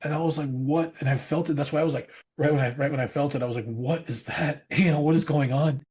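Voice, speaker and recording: A man talks quickly in a husky voice, telling a personal story as a podcast guest. He is earnest and rambling, circling back with repeated phrases as he goes. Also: on the high side, steady tone, darkish tone.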